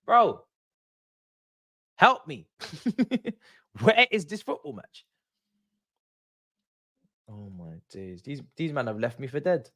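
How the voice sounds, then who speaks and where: Animated young man ranting on a live stream. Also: mid-range voice, takes it slowly, pauses often. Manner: exasperated, animated ranting with laughs. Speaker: streamer hosting a football watchalong. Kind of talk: casual live-stream rant.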